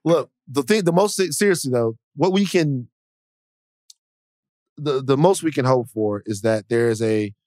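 A man's voice: medium pitch, lively intonation, measured pace, a little mellow, dry recording. Male podcast co-host, emphatic and rhythmic, dry close mic. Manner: emphatic, preacher-like building cadence. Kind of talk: casual podcast chat.

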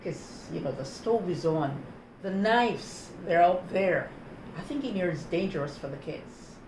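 Slow, lively Jamaican woman teaching patois. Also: fairly low pitch. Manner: swaps patois phrases for plain English equivalents. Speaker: host. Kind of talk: casual teaching of patois words. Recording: roomy with background noise.

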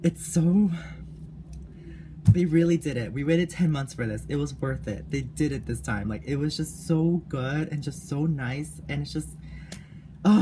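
A young woman giving a gushing, animated fan reaction in a casual vlog. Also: deep voice, a little hiss or hum. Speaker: YouTube reactor.

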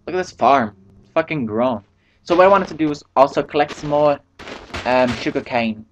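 Casting: male gamer, casual let's-play host, rambly and profane, slightly higher voice. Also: normal speed, slight background noise. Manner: rambling, profane, talks to himself. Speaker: gameplay commentator.

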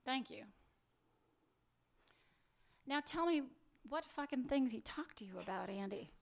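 A biting, sarcastic wife with a high, sharp voice, as a male author reads her lines. She presses hard and mocks, cutting through every dodge in this dialogue from a literary reading. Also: lively intonation, measured pace, gravelly, heavily acted. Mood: demanding. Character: sharp-tongued woman, wife, bitter and sarcastic. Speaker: fiction author reading aloud.

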